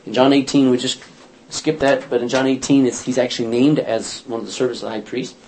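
A medium-pitched man speaks briskly with slight background noise while hosting an informal Bible study. Animated and chatty, he acts out the lines of the stories, laughs, and corrects himself as he goes.

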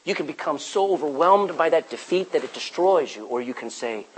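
A man preaching a sermon as pastor, emphatic, swinging from loud declarations to hushed, quiet passages. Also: a little high, expressive, brisk, a little hiss or hum, poor audio.

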